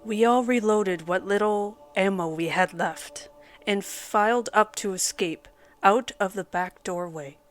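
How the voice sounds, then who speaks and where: Woman horror narrator, middle pitch, measured dramatic delivery, faint music bed. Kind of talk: scripted first-person narration. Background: soft background music.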